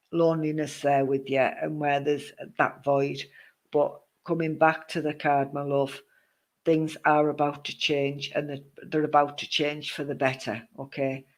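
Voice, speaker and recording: A man leads a live online psychic reading, his voice sitting a little high. He speaks in a reassuring, comforting way, sprinkling in endearments and breaking off to greet new viewers. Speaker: psychic medium.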